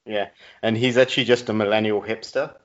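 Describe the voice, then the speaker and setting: A young man in relaxed comic chat who hesitates with frequent "um"s. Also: on the low side, a little fast. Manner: laid-back, hesitant, with "um"s. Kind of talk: casual comedic podcast chat. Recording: dull lo-fi audio.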